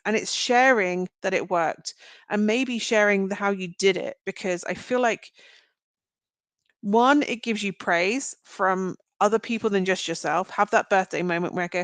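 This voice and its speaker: A woman's voice: mid-range voice, moderate pace, a bit bright, no echo. A British woman hosting a livestream, giving card readings to chat viewers in a chatty, rambling way with frequent giggles. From Britain.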